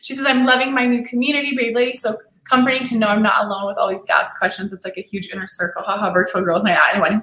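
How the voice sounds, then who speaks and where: A woman's voice: mid-range voice, fairly even intonation, quick pace, few pauses, sharp tone. Enthusiastic woman coach in an echoey room. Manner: enthusiastic, encouraging, reads viewer comments aloud. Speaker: dating and relationship coach. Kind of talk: live-stream Q&A chat.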